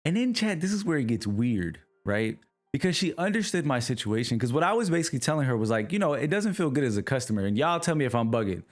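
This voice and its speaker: Animated young man telling a story to his stream. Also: mid-range voice, quick pace, soft background music. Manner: animated, exasperated retelling with voiced quotes. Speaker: livestream host. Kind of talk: casual storytelling to chat.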